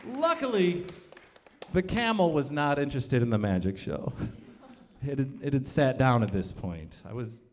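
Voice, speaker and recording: A man's voice: medium pitch, moderate pace, a faint crowd. A man telling a comic true story live on stage before an audience, acting out the dialogue. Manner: animated, comic, acts out dialogue. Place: cultural center stage, in front of an audience.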